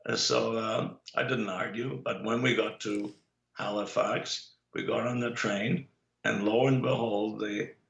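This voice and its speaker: An older man telling personal stories in an interview, unhurried and anecdotal, pausing often on "uh". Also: lowish voice, steady tone, vocal fry, a bit bright. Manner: unhurried anecdotal storyteller, many "uh" pauses. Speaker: guest, Holocaust survivor. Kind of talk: storytelling in an interview. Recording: echoey, dull lo-fi recording.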